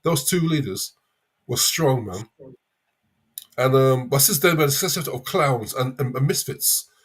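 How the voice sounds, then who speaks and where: A man in his fifties with a London accent, calling in to a live show and rambling along with halting restarts. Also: medium pitch, expressive. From England. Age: 50s. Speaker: caller. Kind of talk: casual chat.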